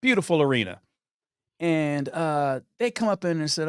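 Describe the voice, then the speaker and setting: A man's voice: fairly high pitch, normal speed, clean tone, no room sound, studio quality. A man in his thirties, a podcast guest telling his story and acting out the people in it. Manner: animated, acts out the people in his stories. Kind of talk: storytelling in conversation.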